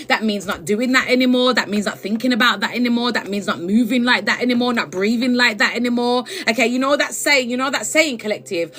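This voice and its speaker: A woman's voice: fairly high pitch, bright, forceful tone. A woman giving spiritual advice on a live stream, chatty and affectionate, checking in with "okay?" again and again. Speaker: spiritual reader.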